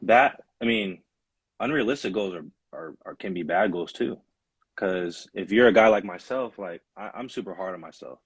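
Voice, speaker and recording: A young man hosting a podcast, relaxed and steering the casual conversation. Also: deep voice, normal speed, breathy edge, no room sound. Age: young adult. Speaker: podcast host. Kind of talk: casual chat.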